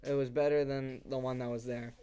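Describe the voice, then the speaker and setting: A man's voice: medium pitch, flat delivery, fairly quick, mellow, slight background noise. A young man co-hosting a podcast, telling a story in casual chat with lots of fillers and restarts. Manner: rambling with many fillers, acts out sounds and voices. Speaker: podcast co-host.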